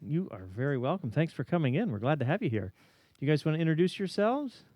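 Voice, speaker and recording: A man's voice: fairly high pitch, big pitch swings, dry recording, muffled recording. A man guest-hosting a local radio music show, upbeat and encouraging as he interviews a band in the studio. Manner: upbeat, encouraging, quick to affirm. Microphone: studio microphone.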